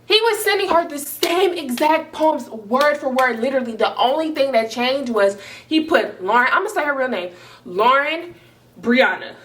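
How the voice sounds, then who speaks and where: A woman in her twenties tells a casual storytime to viewers, animated and slangy, swearing often as she talks straight to the camera. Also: sits high, moderate pace, distant mic, a little hiss or hum. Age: 20s. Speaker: storytime vlogger.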